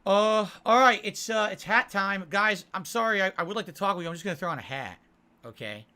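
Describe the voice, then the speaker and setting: Hosting a casual livestream, a man reads viewers' messages and answers them defensively with frequent "right?"s. His voice sits high, expressive, pushed, and bright, delivered briskly.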